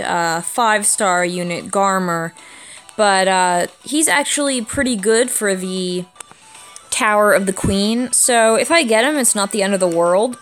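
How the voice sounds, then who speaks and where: A young woman with a congested, stuffy voice from a cold, hosting her own channel and chatting casually as she explains a game's mechanics. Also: medium pitch. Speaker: YouTube gaming channel host. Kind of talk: casual gacha-game commentary.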